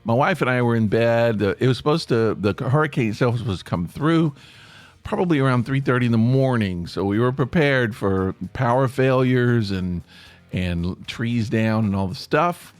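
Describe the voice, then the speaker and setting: A man's voice: mid-range voice, normal speed, dry recording. A man from Tennessee with an East Tennessee Appalachian accent, hosting a podcast as a chatty, rambling monologue in the manner of a storyteller. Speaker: podcast host.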